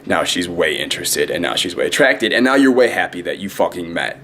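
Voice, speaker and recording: Brash low-voiced man, rapid-fire. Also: sing-song, bright, forceful tone, a little hiss or hum. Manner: brash, profane, fast-talking; cocky, self-promoting. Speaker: dating coach. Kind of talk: direct-to-camera advice vlog.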